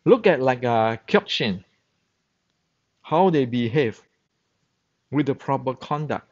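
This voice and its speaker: A man's voice: medium pitch, animated, slow pace. A man whose first language is Chinese, a Wing Chun instructor giving a blunt, emphatic monologue in broken English and often repeating words as he searches for them. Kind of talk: opinionated monologue. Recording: dull, muffled lo-fi sound.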